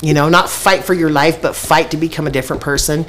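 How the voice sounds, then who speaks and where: A woman's voice: sits low, fairly even intonation, quick pace, fairly bright tone, a little hiss or hum. A middle-aged woman telling her story in a blunt, profane way and laughing often. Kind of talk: candid conversational storytelling.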